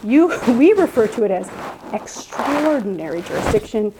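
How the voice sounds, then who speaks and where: Wry older Welsh professor, gently teasing, quoted by a woman, mid pitch. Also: sing-song, moderate pace, background noise, close to an everyday voice.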